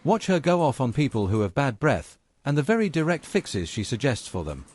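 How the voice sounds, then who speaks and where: A man's voice: medium pitch, very animated, a little fast, darkish tone. A man reading a scripted voice-over that introduces clips in a teasing promo delivery. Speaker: compilation narrator.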